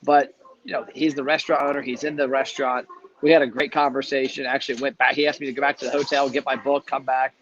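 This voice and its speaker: A man hosting a casual live chat, telling stories in a brisk, chatty way. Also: medium pitch, level tone, fairly bright tone. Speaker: host. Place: travelling, speaking from a hotel. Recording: dull lo-fi live stream audio.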